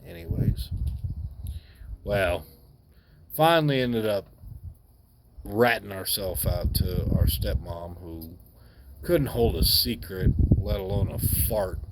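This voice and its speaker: A man telling a personal story in a candid, wry, unhurried way. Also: low voice, background noise.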